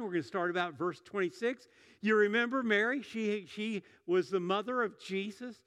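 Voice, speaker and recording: A man's voice: high-pitched, fairly bright tone. A middle-aged man preaching a sermon in a church, conversational, often restarting and repeating words. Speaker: pastor. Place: church sanctuary. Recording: long hall reverb.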